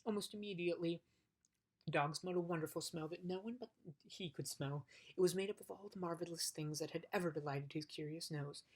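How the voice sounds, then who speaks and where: A woman narrates a storybook aloud in a low, husky voice. Now and then she trips over a word and starts it again. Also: brisk, rough recording. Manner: occasional stumbles and restarts. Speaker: audiobook reader.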